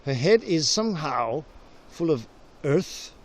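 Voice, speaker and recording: A man's voice: on the high side, sing-song, slow pace. A man whose first language is Danish, rambling through a whimsical, punning improvised monologue outdoors in a forest, recorded on a handheld camera. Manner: whimsical, punning, full of restarts. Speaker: vlogger. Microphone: handheld camera, sometimes left on a tree.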